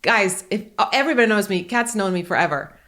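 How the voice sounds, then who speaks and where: Woman in her forties, podcast host, casual chat, animated and joking, candid storyteller, mid-pitched voice. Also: fast talker.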